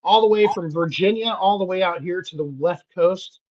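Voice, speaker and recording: A man's voice: high-pitched, normal speed, a loud crowd. A man hosting a podcast in an upbeat, joking way, laughing often as he talks. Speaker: podcast host. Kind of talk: casual chat. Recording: dull lo-fi sound.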